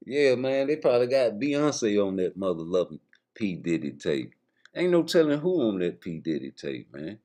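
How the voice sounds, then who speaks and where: A man's voice: lowish voice, sing-song, moderate pace, warm tone. A man riffing in an improvised comedic bit, swearing freely and laughing constantly. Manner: profane, laughs constantly, mimics voices.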